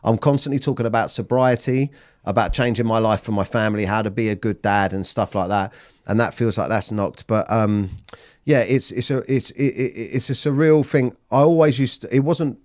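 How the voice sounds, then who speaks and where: A man's voice: fairly low pitch, a little fast, a little mellow. A man in his thirties, a comedian, talking bluntly in an interview, swearing freely and often restarting his sentences. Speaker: comedian guest. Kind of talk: candid interview talk.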